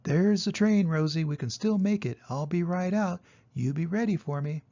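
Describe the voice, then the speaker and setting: A man's voice: on the high side, moderate pace, dark tone, dull audio, pitched above the performer's own voice, lightly acted. An old man putting on a frantic farmer. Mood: hurried. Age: older. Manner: exclaiming, urgent. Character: hurried anxious male farmer.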